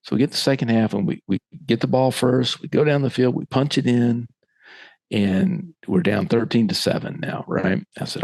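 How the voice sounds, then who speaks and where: Gravelly man telling a coaching story. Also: mid-range voice, moderate pace, no room sound. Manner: lively storyteller who acts out quoted voices. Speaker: author and former middle school football coach. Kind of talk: casual storytelling in a podcast conversation.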